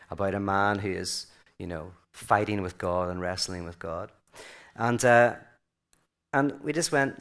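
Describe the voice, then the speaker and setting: A man's voice: mid-range voice, gravelly. A male speaker at a weekend event delivers a casual, rambling talk. He leans on fillers and restarts, and he slips into other voices when quoting people. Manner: loose and conversational, many fillers, acts out quoted voices.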